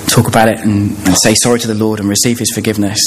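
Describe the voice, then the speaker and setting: Man preaching in a measured sermon. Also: on the low side, flat delivery, noisy background. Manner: measured, explanatory, with frequent "uh" and restarts.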